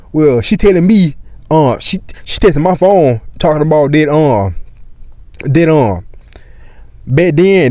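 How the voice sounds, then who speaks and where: A young man spins a rambling, profane story in loose street slang, circling back over the same points again and again. His voice sits at an ordinary middle pitch, and the recording is close and dry with no room echo. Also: a little mellow. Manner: profane slang-heavy rambling, repeats himself. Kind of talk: casual storytime vlog.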